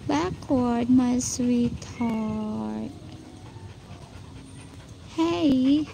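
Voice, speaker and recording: A woman's voice: sits high, expressive, drawn-out words, gravelly, long pauses, warm tone, a little hiss or hum, poor audio. Giggly woman coaxing her dogs. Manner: doting, giggly, coaxing pet talk. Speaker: channel host playing with her dogs. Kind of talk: casual live-stream chat to pets.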